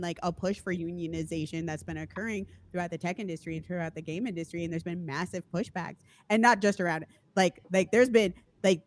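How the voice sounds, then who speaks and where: A woman's voice: on the low side, no echo. Emphatic woman co-hosting a podcast. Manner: emphatic and quick, piling on points. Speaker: podcast co-host. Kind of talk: casual podcast chat.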